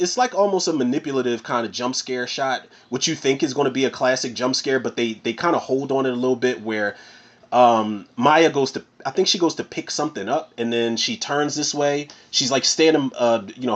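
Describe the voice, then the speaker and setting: Over dull audio, a movie reviewer with a medium-pitched voice rambles animatedly about a horror film, swearing casually as he goes.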